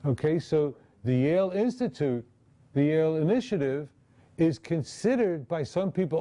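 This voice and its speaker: Guy lecturing and walking through slides, kinda high voice but mellow, chatty, keeps asking the room "okay?". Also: expressive, normal speed. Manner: conversational, checks in with the audience. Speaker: professor giving a lecture.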